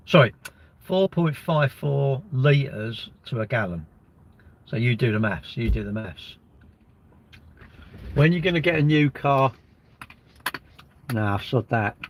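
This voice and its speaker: A man chats casually on his livestream, rambling from one thing to the next with jokes and offhand swearing. His voice is husky and slightly rough, with a mid-range pitch. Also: a bit bright. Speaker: livestream host reading chat. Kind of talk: casual chat.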